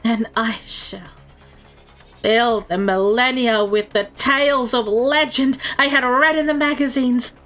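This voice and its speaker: A woman's voice: a little high, fairly even intonation, unhurried, fairly bright tone, faint music behind, pitched above the performer's own voice. A woman voicing an earnest, dramatic young female knight who speaks in old-fashioned, theatrical words. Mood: proud. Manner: archaic, theatrical, exclaiming.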